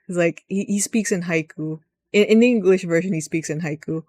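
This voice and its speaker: A woman talking through a video game in casual, rambling commentary, often giggling and swearing freely. Her voice sits on the lower side, recorded close and dry with no room sound. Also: fairly quick, a little mellow, no room sound. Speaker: gaming video host.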